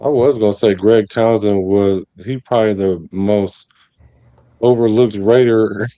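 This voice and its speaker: Brief: matter-of-fact co-host, low, mellow voice, dry close sound. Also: male voice, steady tone, measured pace, no room sound, dull audio. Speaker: podcast co-host. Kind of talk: casual podcast chat.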